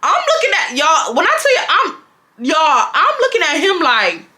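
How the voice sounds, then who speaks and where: A young woman tells a storytime vlog with a bright, forceful voice. She sits a touch above the usual pitch for a woman. Her delivery is chatty and emphatic, and she keeps throwing in "like" and "y'all". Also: huge pitch swings, moderate pace. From Houston, Texas. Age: 20s. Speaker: vlogger.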